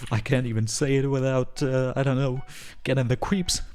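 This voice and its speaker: A man's voice: medium pitch, moderate pace, hardly any pauses, clear, resonant tone. A man live-streaming a game from his home, rambling and joking to his chat with frequent chuckles. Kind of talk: live gaming stream chatter. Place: home room, alone.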